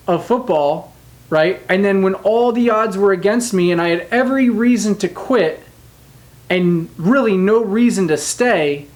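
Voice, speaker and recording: A man, a motivational speaker, telling a personal story in a candid, emphatic way and often checking in with "right?". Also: high-pitched. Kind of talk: storytelling monologue.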